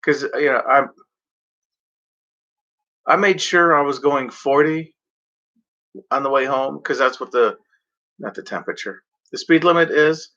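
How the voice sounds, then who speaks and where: A man's medium-pitched voice, pushed and bright, comes at an unhurried pace with long pauses. He's a vlogger ranting casually at home against a blanket backdrop, rambling, swearing and mimicking other drivers. The home recording sounds dull and lo-fi.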